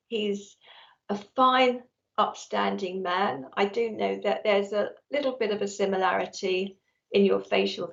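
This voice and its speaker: Lady psychic doing a live reading, gravelly, lots of restarts, muffled stream sound. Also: mid-range voice. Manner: chatty, warm, frequent restarts. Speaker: psychic medium. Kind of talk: live online reading to a viewer. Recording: dull lo-fi stream audio.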